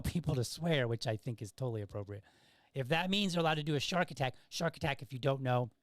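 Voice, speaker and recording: A man's voice: medium pitch, no room sound, studio quality. A middle-aged man hosting a podcast, telling stories in a casual monologue and often checking in with "right?". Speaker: podcast host.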